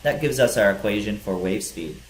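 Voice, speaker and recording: Low-voiced man lecturing in an echoey room. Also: animated, moderate pace. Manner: explains step by step with fillers. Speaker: teacher. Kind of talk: physics lecture. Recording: echoey room with faint hiss.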